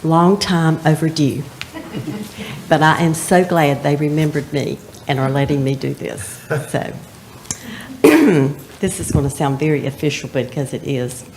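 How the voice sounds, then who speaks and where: A woman's voice: deep voice, unhurried, darkish tone, echoey room, slight background noise. A woman, a state representative, presenting an award at a town council meeting, chatty and laughing between formal lines. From North Carolina.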